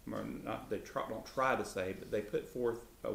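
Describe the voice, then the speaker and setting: Male co-host, casual Bible talk, jumps higher for quotes; roomy, slightly noisy recording. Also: normal speed, gravelly. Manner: lively, pitch jumps up when voicing Jesus. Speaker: co-host of a Christian talk show. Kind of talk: conversational Bible teaching. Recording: echoey room.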